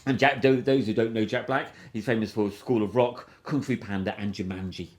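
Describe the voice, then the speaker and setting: A man's voice: fairly low pitch, fairly even intonation, brisk. A man hosting a film review podcast, rambling and enthusiastic in casual chat, with frequent restarts. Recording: roomy echo.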